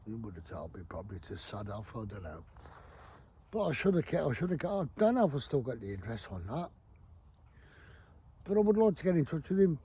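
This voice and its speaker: Husky chatty man. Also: mid-range voice, mellow. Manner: rambling, chatty, blunt and swears freely. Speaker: fishing vlogger. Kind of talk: casual storytelling to camera. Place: outdoors by a river.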